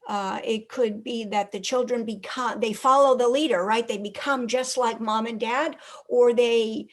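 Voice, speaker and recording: Halting woman host, fairly high voice. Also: steady tone. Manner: halting, circling questions with many restarts. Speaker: host, interviewer. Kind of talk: casual interview questions.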